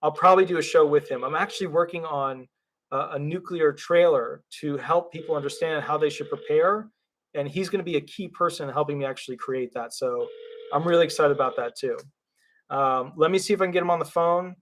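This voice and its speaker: Male attorney host, excitable rambler, fairly high voice. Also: a little fast, slight background noise. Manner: rambling and excitable, many fillers and restarts. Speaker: disability attorney hosting a live call-in show. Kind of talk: livestream call-in talk.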